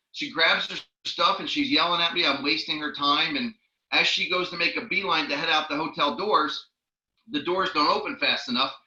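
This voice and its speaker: A man giving a network marketing training talk as a lively storyteller, acting out the people he quotes. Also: fairly high pitch, reverberant, dull audio. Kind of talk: training talk with personal stories.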